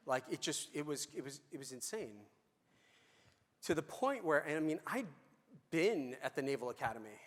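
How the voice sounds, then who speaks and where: A middle-aged conference speaker with a fairly bright, mid-range voice tells a story during his talk, using fillers and restarting sentences in a conversational way. The recording carries the echo of a large hall.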